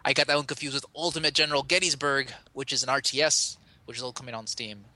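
A male podcast co-host with a mid-range voice talks quickly about games in a casual, rambling, enthusiastic way, often correcting himself. His intonation stays fairly even, and his delivery is pushed and bright.

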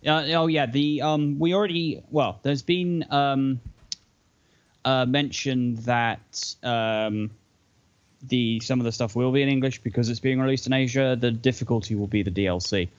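A man co-hosting a casual podcast, who explains things in a halting way with many fillers. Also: mid-range voice, steady tone, highs cut off. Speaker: podcast co-host.

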